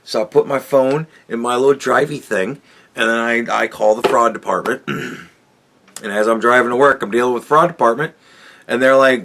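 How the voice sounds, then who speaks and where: A man's voice: mid-range voice, moderate pace, a bit bright. A man hosting a podcast, telling a rambling, profane story in a casual monologue. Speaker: podcast host.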